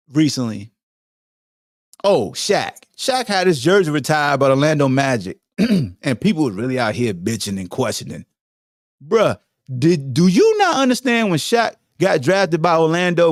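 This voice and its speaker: A man's voice: no room sound, studio quality. A man hosting a podcast, giving a solo sports commentary rant in a slangy, profane way, talking straight to his listeners. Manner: animated, swinging between loud high bursts and low mutters. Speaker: podcast host.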